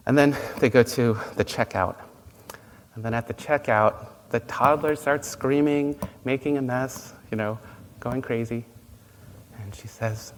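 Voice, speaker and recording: A man giving a dharma talk as a Buddhist teacher, gentle and unhurried, telling stories with pauses. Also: mid-range voice. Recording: long reverb, faint noise.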